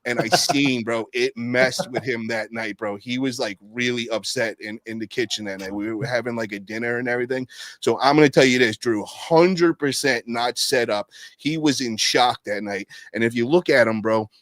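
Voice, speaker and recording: A man in casual podcast chat, swearing freely and calling everyone bro. His voice sits in a middle register but leaps high when he acts out what others said. The sound is dry and close. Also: normal speed, dry recording. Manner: profane, animated, peppers speech with "bro". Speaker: guest telling stories.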